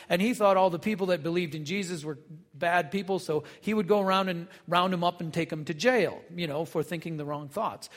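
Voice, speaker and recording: High-voiced pastor in a reverberant hall. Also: male voice. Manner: conversational, folksy asides, acts out quotes. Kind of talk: sermon.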